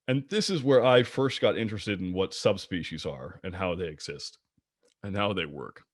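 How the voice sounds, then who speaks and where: A man with a lowish voice gives an online slide lecture about birds. His delivery is playful and jokey, leaping up and down in pitch. The sound is dry and close, as if picked up by a video call microphone. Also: expressive, normal speed, no echo. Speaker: guest presenter of a bird talk.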